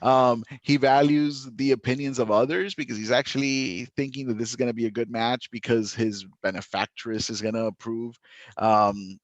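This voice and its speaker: A man teaching a literature lesson, talking in a lively, chatty way with frequent laughter and restarts. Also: mid-range voice, moderate pace, no room sound, lo-fi sound. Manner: animated, chatty, laughs often, many restarts. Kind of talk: recorded classroom lesson.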